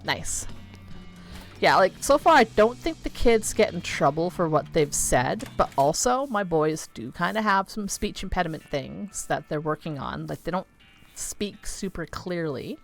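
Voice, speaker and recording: A woman's voice: on the low side, lively intonation, a little slow, creaky, faint music behind. A woman in her thirties chatting casually while playing a video game, rambling with lots of fillers and easy swearing. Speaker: streamer.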